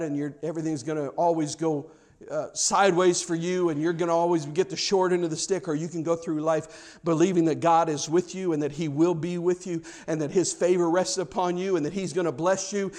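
A man with a fairly high voice delivers a sermon to his congregation. He repeats key phrases and builds his lines in a rising, insistent rhythm, with the animated pace of a storyteller. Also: a little fast. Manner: builds to a rising, forceful cadence. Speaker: pastor.

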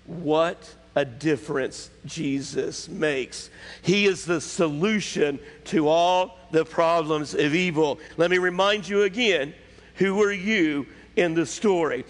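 A man's voice: sits high, unhurried, a bit bright. A man preaching a sermon, emphatic and conversational, often questioning his congregation. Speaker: pastor. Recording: long hall reverb.

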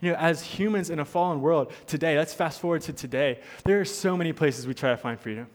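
A man's voice: fairly high pitch, fast. A man preaching a sermon as pastor, earnest, repeating his points for emphasis. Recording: long hall reverb.

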